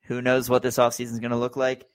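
A man hosts a casual sports podcast, relaxed and easygoing as he rounds things off. His voice sounds dry and close, with no room around it. His pitch is medium for a man. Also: fast talker, dry recording. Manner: easygoing, brings the show to a close. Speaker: podcast host.

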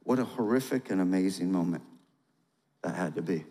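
A male pastor giving a sermon, reading a storybook aloud in a dramatic, animated way and asking listeners to respond. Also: low-pitched, a little fast. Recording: long hall reverb.

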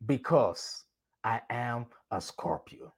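A man voicing a cunning male scorpion in a told fable, coaxing smoothly and persuasively. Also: medium pitch, lively intonation, slow. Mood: blunt.

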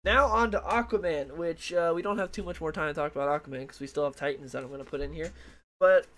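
A young man with a slightly high voice talks casually into a desk mic, rambling loosely through a comic book review. He restarts his sentences and leans on fillers as he goes. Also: fast, fairly bright tone, slight background noise. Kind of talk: casual solo review talk. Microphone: desk microphone.

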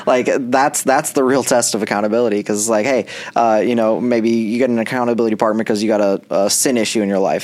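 A male pastor with a somewhat low voice talks easily on a faith podcast. He rambles a little, circling back with fillers and restarts as he thinks aloud. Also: steady tone, fast talker, a little mellow. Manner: chatty, with many fillers and restarts. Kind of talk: casual faith podcast conversation.

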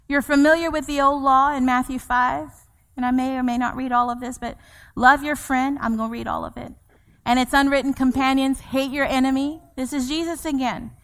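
A woman's voice: high voice, steady tone, normal speed. A woman in her thirties, a pastor preaching a sermon in a church, repeating her points with emphasis and acting out scripture quotes. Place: church sanctuary. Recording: long church hall reverb.

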